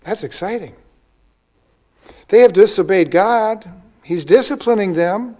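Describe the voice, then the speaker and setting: A man preaching a sermon, reading scripture slowly and often checking in with the listeners with "okay?" and "right?". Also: high voice, expressive, darkish tone. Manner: reads scripture aloud slowly with emphasis. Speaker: pastor. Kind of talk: sermon, Bible teaching.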